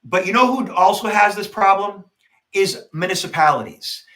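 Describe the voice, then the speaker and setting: A man co-hosting a podcast, telling a story in casual conversation, animated and emphatic. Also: sits high, moderate pace. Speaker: podcast co-host, security expert.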